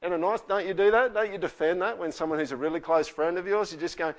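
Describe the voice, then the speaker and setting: A man's voice: fairly high pitch, fast talker, hardly any pauses, highs cut off. A man preaching a conversational sermon, often asking the listeners questions. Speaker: pastor.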